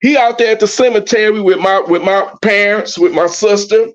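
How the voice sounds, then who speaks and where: A man appearing as a podcast guest tells a story emphatically and with plenty of profanity in a casual podcast conversation. His voice is high and moderately paced, and the lo-fi audio sounds dull.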